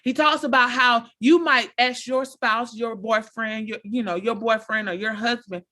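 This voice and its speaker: Woman giving encouraging advice, kinda high voice, talks right to viewers. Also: normal speed. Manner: animated, repeats phrases, addresses viewers directly; preachy, encouraging. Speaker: motivational speaker. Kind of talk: casual advice talk to viewers.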